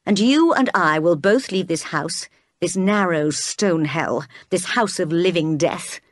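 Woman voicing a passionate brooding gentleman, storybook read-aloud, low voice, dry sound. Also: a little slow, no room sound, close to an everyday voice. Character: brooding passionate gentleman, grown man, quick to anger.

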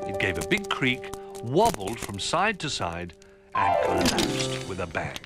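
A man with a voice on the low side reads a children's picture book aloud, telling the story in a gentle, expressive way.

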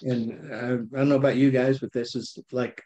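A man leading a casual Bible study, reading verses aloud and explaining them with lively, animated asides. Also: medium pitch, fairly quick, dull audio, noisy background. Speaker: Bible teacher. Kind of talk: conversational Bible study teaching.

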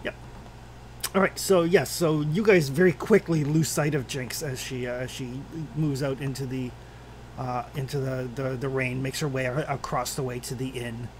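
A man's voice: medium pitch, steady tone, moderate pace, a little hiss or hum. A man narrating and ruling as game master in a tabletop game, talking with many fillers and restarts.

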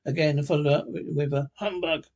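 A husky-voiced man reads a classic story aloud, pitched a little high. His reading is unpolished, with stumbles and restarts along the way. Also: normal speed, mellow, muffled recording.

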